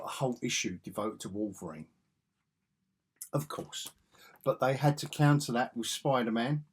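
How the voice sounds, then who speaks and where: A man with a husky, mid-range voice that's a little mellow rambles casually while looking through old comic magazines. He's a vlogger who collects comics, just chatting as he flips through them.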